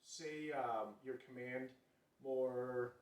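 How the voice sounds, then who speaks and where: A man's voice: medium pitch, drawn-out words. An easygoing male dog trainer explains commands to an owner in a mid-range voice, full of ums and uhs. He sounds roomy and distant from the microphone. A faint noise runs underneath. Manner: easygoing, filler-heavy coaching. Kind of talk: instructing an owner during a training session.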